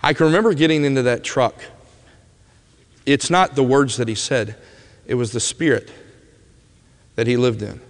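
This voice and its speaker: A man preaching a personal testimony as a vivid storyteller, his voice dropping to a hush at tender moments. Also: mid-range voice, normal speed, pauses often. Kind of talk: emotional sermon storytelling. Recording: long hall reverb.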